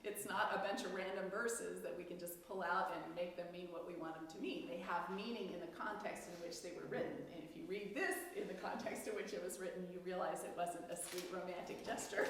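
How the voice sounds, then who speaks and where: A woman's voice: on the low side, brisk, hardly any pauses, distant mic, crowd noise. Chatty woman teaching in an echoey hall. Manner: chatty, laughing asides, quizzes the class. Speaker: Bible study teacher. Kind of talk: leading a group Bible study. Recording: echoey hall with long reverb.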